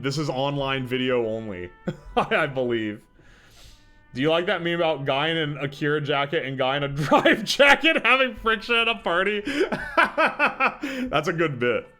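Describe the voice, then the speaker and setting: A man streaming live, chatting casually and reacting out loud, often breaking into laughter. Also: a little high.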